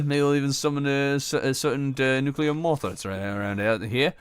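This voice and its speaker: In a dry recording with no echo, a man with a smooth, medium-pitched voice talks a little fast and keeps a steady tone. He's casually chatting with livestream viewers as he games, reacting to the action, reading chat aloud, and laughing often.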